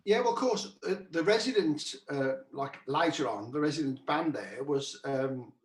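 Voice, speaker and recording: A man's voice: a little high, expressive, moderate pace. A man hosting a cabaret chat show, casually telling a rambling anecdote with many restarts over a video call. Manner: rambling, repeats "he said", restarts often. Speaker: cabaret musician host. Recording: roomy echo.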